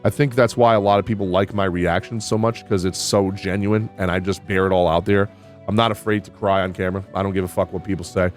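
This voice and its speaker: A man reviewing a video game update in casual, candid talk, excitable and quick to swear. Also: sits low, soft background music. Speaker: gaming YouTuber.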